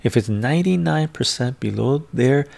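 A man's voice: medium pitch, lively intonation, moderate pace, creaky, darkish tone. A man, the host, talking casually and thinking aloud as he browses stock charts, often muttering to himself. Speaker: finance video host. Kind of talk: casual screen-share commentary. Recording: ASMR-style close mic.

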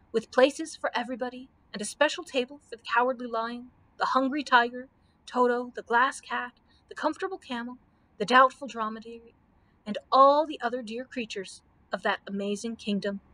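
A woman librarian reading a children's book aloud in a gentle storybook manner. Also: fairly high pitch, normal speed, poor audio.

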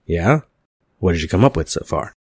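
A man's voice: deep voice, lively intonation, moderate pace, a little mellow, husky, no room sound, heavily acted. A man reading aloud the lines of a bossy TV station chief from a screenplay. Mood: brusque.

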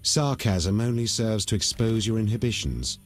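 An actor playing a courteous male elven druid in a video game, speaking in a measured way. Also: on the low side, expressive, faint music behind. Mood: calm.

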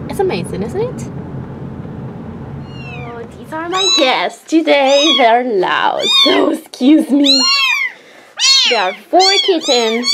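A woman's voice: high-pitched, wildly swooping pitch, takes it slowly, heavy background noise. A woman vlogging casually as a vet tech, chatty, laughing often and talking to her cat. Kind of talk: casual vlog chat.

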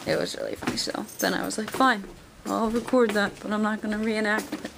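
A woman's voice: mid-range voice, little pitch movement, brisk, creaky, noisy background. A young woman talking casually to her camera, rambling with lots of fillers. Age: young adult. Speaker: vlogger. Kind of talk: casual vlog chat.

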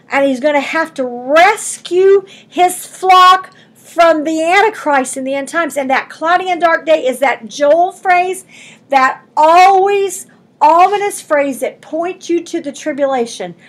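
A woman's voice: extremely high pitch, animated, measured pace. A woman pastor preaching an expository sermon in a church, reading scripture aloud and explaining it in a folksy, emphatic way.

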